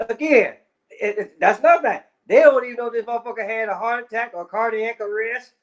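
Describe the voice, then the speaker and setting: A man's voice: extremely high pitch, brisk. A man ranting in casual commentary, heavy on swearing and repeated fillers. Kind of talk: profane rant.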